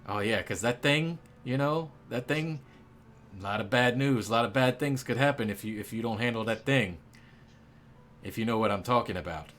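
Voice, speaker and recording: A man's voice: medium pitch, moderate pace, fairly bright tone, a little hiss or hum, natural voice. A man voicing a tiny but tough male cat bartender in a hammy, conspiratorial New York accent.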